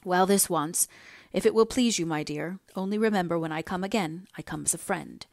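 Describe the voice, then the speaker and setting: A woman voicing a kindly older male doctor in an audiobook reading, speaking in a gentle, fatherly way. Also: on the low side, brisk, vocal fry, dry recording, studio quality. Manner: soothing, fatherly.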